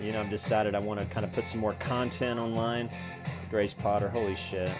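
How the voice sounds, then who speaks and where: A man's voice: on the low side, level tone, fairly quick, over loud music. A man in his forties giving a loose, joking video lesson on day trading, with profane asides. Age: 40s.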